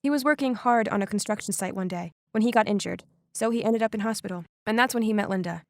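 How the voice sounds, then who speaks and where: A woman narrating a first-person animated story in an expressive, dramatic way. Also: medium pitch, fast talker, no room sound, clean studio sound.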